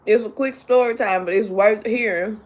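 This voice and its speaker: A woman hosting a casual livestream, chatty and excitable, greeting viewers by name and repeating herself, a little sleepy. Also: medium pitch, normal speed. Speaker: livestream host.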